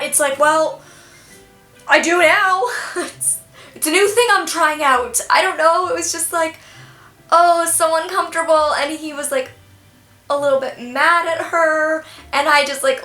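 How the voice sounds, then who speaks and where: Young woman, bright voice, fairly high, storytime vlog, self-deprecating, echoey room. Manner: animated, self-deprecating storytelling with frequent laughs. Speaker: vlogger. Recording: echoey room, faint music.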